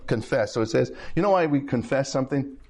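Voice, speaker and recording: A man's voice: mid-range voice, lively intonation, fast, a little mellow. A man preaching a sermon in a conversational way, checking in with the congregation and repeating phrases as he builds his points.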